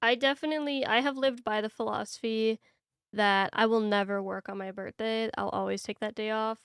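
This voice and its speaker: A woman's voice: a little high, steady tone, fairly quick, fairly bright tone, clean tone, no room sound, clean studio sound. A woman co-hosting a podcast, chatting casually and telling loose stories with fillers. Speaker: podcast co-host. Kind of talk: casual chat.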